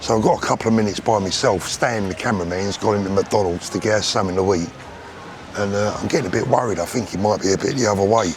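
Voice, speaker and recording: A man's voice: fairly low pitch, quick pace. An English man vlogging outdoors to a handheld camera, joking and rambling in a casual comic way. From England. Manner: jokey, rambling, chatty. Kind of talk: casual comedic vlog to camera. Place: busy street outdoors. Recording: outdoor street noise behind.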